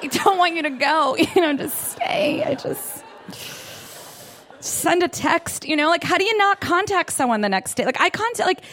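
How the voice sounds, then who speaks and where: A woman's voice: extremely high pitch, big pitch swings, normal speed, a bit bright. A woman in her thirties doing a self-deprecating stand-up set on a club stage, often laughing through her lines. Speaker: stand-up comedian.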